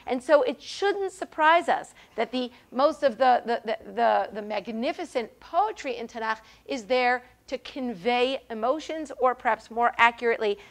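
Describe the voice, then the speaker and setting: High-voiced woman teaching a Bible class. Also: a bit bright. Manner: explanatory, checks in with "right?" and "okay?"; frequent fillers and repeated words. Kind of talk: classroom lecture. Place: synagogue hall.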